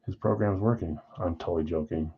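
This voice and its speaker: A man's voice: deep voice, fairly quick, narrow, tinny audio, background noise. A man hosting a live card break from a card shop, chatting casually while rattling off names and teams.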